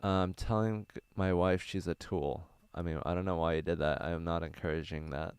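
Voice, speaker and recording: A man's voice: low-pitched, fairly even intonation, moderate pace, a little mellow, clean tone, no echo. A young adult male comedian answering viewer questions from his van in a casual livestream, rambling earnestly with lots of fillers. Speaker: stand-up comedian. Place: small van.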